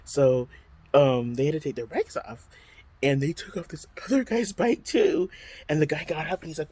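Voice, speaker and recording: This male vlogger tells a bus story from home and then moves on to unboxing skincare, full of fillers and dramatic exclamations. He speaks at a normal speed in a fairly high, animated voice.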